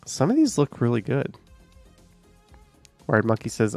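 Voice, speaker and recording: A man's voice: mid-range voice, wildly swooping pitch, unhurried, darkish tone, no room sound, faint music behind. A man live streaming, chatting casually with viewers, rambling and swearing at voice assistants when annoyed.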